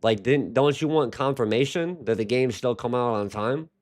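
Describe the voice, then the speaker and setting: A man's voice: mid-range voice, normal speed, darkish tone. A young man hosting a livestream, talking casually and ranting at his chat with heavy profanity. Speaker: livestream host.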